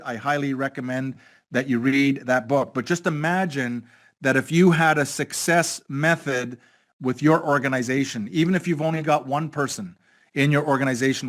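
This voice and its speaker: A man giving a motivational talk on an online call, retelling a story with acted-out dialogue and frequent restarts. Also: mid-range voice. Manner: storytelling, repeats words and restarts, acts out quoted dialogue. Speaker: network leader presenting a training call. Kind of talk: motivational talk with retold anecdote.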